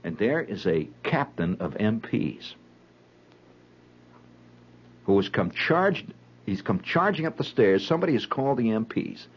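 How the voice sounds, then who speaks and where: A man's voice: lowish voice, big pitch swings, moderate pace, slightly rough, rough recording. A man telling a dramatic personal story in a vivid, conversational way. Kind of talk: spoken storytelling monologue.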